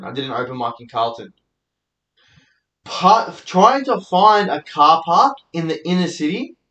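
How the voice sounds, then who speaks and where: Australian man, young, higher voice, sweary rambling monologue, echoey room. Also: a bit bright. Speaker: podcast host and comedian. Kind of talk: solo storytelling monologue.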